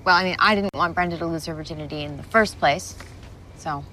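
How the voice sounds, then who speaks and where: A woman's voice: sits low, brisk, bright, forceful tone, a little hiss or hum, rough recording. An actress playing a sulky young female TV star who complains about her storyline in a film clip. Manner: complaining, unimpressed.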